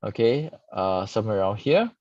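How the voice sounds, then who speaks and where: A man's voice: fairly low pitch, animated, fairly quick, darkish tone, no room sound. A man reviewing stock charts live, peppering his talk with "okay". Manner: frequent "okay" tags, casual explaining. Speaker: stock market analyst host. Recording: dull lo-fi dry sound.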